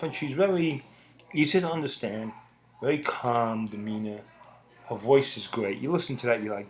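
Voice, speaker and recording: A man's voice: medium pitch, moderate pace, slight background noise. A middle-aged man in a casual ranting monologue, blunt and profane, hammering his points home by repeating them. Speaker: podcast host.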